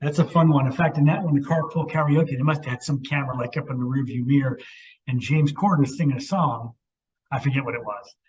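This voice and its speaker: A man's voice: mid-range voice, fast, a little mellow, breathy edge. A middle-aged man and podcast co-host chatting casually, reacting to his friend's stories and adding his own comments. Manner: encouraging listener who reacts and chimes in. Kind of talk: casual chat. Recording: dull lo-fi podcast recording.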